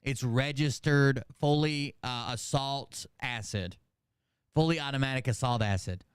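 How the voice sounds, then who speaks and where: Sarcastic guy cussing his way through comments, smooth voice, dead dry sound. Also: mid-range voice, unhurried, dry recording. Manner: sarcastic, profane, mocking. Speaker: commentary show host. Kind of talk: casual commentary reading comments aloud.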